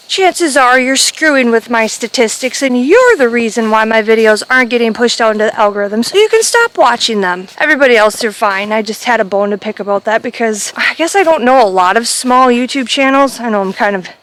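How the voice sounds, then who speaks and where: A woman's voice: a little high, fairly bright tone, poor audio. A woman vlogging while walking alone in a forest, chatting and joking in a rambling way, a little out of breath. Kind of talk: casual chat while hiking. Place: forest outdoors.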